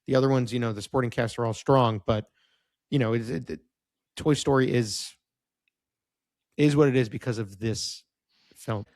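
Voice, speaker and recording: An upbeat young man chatting on a movie podcast in a middle-pitched voice. He agrees readily and keeps the talk moving. The sound is dry and close to the mic. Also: moderate pace, pauses often, darkish tone, no echo. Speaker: podcast co-host. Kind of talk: casual chat.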